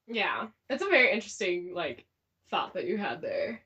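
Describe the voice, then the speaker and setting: A woman's voice: medium pitch, very animated, moderate pace, bright, forceful tone, highs cut off. A young woman co-hosting a casual chat about a story, laughing often and talking animatedly. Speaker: podcast co-host discussing fan fiction.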